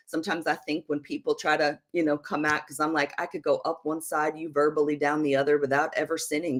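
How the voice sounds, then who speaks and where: A low-pitched, middle-aged woman teaches on a live church broadcast. She tells personal stories with animation and laughter, acting out the lines people said. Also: a bit bright. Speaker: prophetess and show host. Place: home office.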